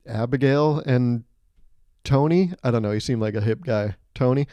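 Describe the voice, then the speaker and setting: A man hosting a solo comedy podcast, telling animated, self-mocking stories and laughing mid-sentence. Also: mid-range voice, moderate pace, no echo. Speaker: podcast host.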